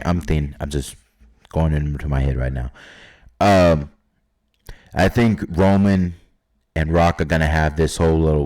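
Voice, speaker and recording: A man's voice: low-pitched, darkish tone. A man casually talking through his wrestling predictions, rambling and hesitant with many fillers, sometimes quoting imagined fans and wrestlers. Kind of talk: casual solo prediction talk.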